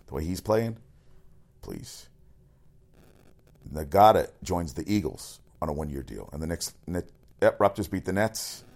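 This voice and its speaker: A man running through sports news as a radio host, rambling, excitable and swearing often. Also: low-pitched, measured pace, vocal fry, long pauses. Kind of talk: casual sports news rundown.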